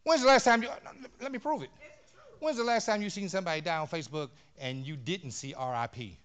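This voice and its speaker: A man's voice: a little high, fairly quick, fairly bright tone, smooth. A pastor preaching a sermon in a church, talking in an emphatic, conversational way and often repeating words as he builds a point. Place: church sanctuary.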